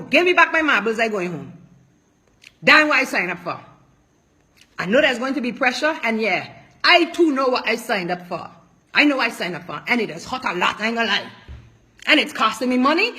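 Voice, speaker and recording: A woman's voice: on the high side, sharp tone. A woman politician giving an impassioned, emotional public statement, speaking emphatically and repeating her points.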